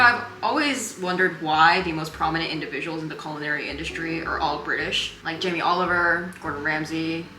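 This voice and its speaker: A woman's voice: fairly low pitch, sharp tone, roomy sound, slight background noise. A young woman from Korea chatting casually in a cooking vlog, rambling in a sarcastic, self-mocking way. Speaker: cooking vlogger. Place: home kitchen.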